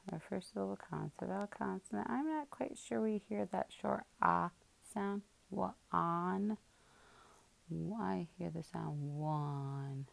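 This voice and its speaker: A woman's voice: fairly low pitch, gravelly, a little mellow. A woman teacher working through a spelling lesson, patiently sounding out each word part by part.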